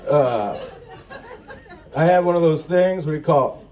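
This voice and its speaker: In an outdoor festival tent, a man does a crude, profane stand-up set, telling his stories in an exasperated way as the audience laughs. His voice is on the high side and unhurried. The lo-fi sound is captured from a distance in the crowd, with background noise.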